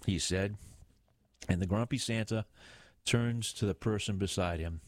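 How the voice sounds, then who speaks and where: Male audiobook narrator, lowish pitch, steady read, dry close sound. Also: a little slow, dry recording. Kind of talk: reading a crime novel aloud.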